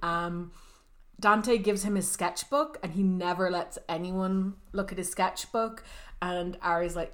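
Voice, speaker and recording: A woman's voice: lowish voice, a little slow. A woman casually summarizing a book's plot for a friend, quoting the characters' lines in a chatty way with lots of "like". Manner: chatty retelling with quoted character lines and frequent "like". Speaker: podcast co-host summarizing a book. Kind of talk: casual book discussion.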